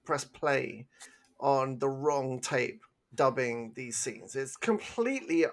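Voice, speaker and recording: A man's voice: medium pitch, expressive, slow. A man co-hosting a podcast, chatting casually about a film in a rambling, self-deprecating way. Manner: rambling, self-deprecating, with sung and mimicked bits. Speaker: podcast co-host. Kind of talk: casual film review chat.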